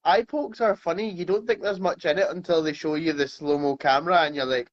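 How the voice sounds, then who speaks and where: A man's voice: fairly high pitch, fairly even intonation, brisk. Scottish man, dull lo-fi sound. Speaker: podcast co-host. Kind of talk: casual chat.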